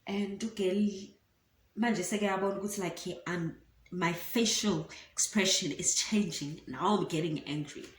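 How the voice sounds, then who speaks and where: A young South African woman vlogger with a South African accent, telling a personal story in an animated way and slipping into isiZulu words. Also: on the low side, a little slow. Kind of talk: storytime vlog. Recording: roomy room with faint ambient noise.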